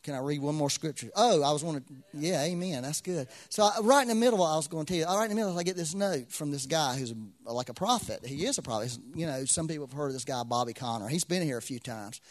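A man's voice: on the high side, quick pace, few pauses. A man preaching a sermon to a congregation, repeating phrases with swelling intensity. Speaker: pastor.

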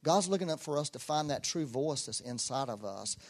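A man's voice: fairly high pitch, expressive, a little fast. Emphatic man preaching. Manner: emphatic, rising to loud bursts; folksy, self-deprecating asides. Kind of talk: sermon.

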